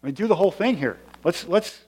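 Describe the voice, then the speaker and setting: A preacher playing a pushy, overeager disciple. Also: male voice, high-pitched, expressive, quick pace, darkish tone, breathy edge. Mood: eager. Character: eager grown man disciple wanting special treatment. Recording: long hall reverb.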